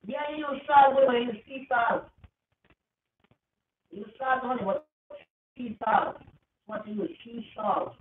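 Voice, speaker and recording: A woman's voice: on the high side, slow, long pauses, roomy sound, recorded from a distance, phone-quality sound, a little hiss or hum. A woman with a Jamaican accent talking to her viewers in a rambling, repetitive monologue, leaning hard on "man" as she goes. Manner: rambling, repetitive, emphatic, calls everyone "man". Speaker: vlogger. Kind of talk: casual rambling monologue to camera.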